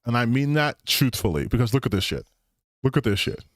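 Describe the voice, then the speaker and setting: A man's voice: mid-range voice, lively intonation, brisk, dry recording, clean studio sound. A young man, streaming and mocking online posts in profane, casual commentary.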